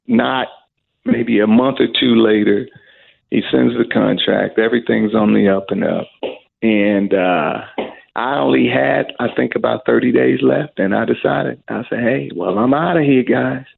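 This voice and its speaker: A middle-aged man, a singer, telling an animated story in an interview and acting out the voices of the people in it. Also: medium pitch, creaky, slightly rough. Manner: animated storyteller who acts out quoted voices. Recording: phone-like narrow audio.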